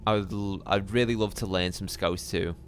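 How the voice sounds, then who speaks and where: A man streaming a live game playthrough, chatting with viewers in a relaxed, musing way. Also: low-pitched, normal speed, soft background music. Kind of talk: live gameplay commentary.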